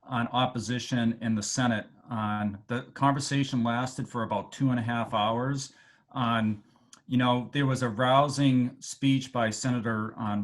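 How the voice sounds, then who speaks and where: A man with a Boston accent giving a halting speech over a video call to alumni, with many fillers and restarts. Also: medium pitch. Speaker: medical school dean addressing alumni.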